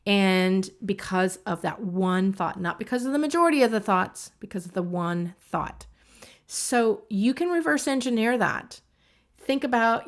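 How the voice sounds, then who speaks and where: A woman coach explains an idea in a relaxed, conversational lesson. Her pitch sits in an ordinary middle range. She stresses key words and briefly acts out inner self-talk. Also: unhurried. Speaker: creativity coach. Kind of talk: casual teaching talk.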